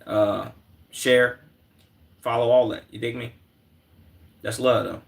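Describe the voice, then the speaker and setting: A man's voice: mid-range voice, level tone, slow pace, gravelly. A young man from Chicago streaming, chatting casually in a laid-back, slangy, profane way at a desk microphone.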